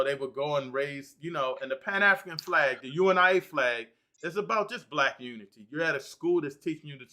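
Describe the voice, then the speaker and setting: Emphatic, bright-voiced male host. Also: mid-range voice. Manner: emotional, emphatic, repeats himself. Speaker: livestream host. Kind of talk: heated live panel discussion.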